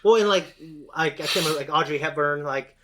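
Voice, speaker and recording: A man's voice: fairly high pitch, fast talker, background noise. A young man co-hosting a reaction show, chatting casually and rambling with lots of fillers and restarts. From grew up around rural American South. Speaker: co-host of a reaction channel. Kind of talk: casual chat.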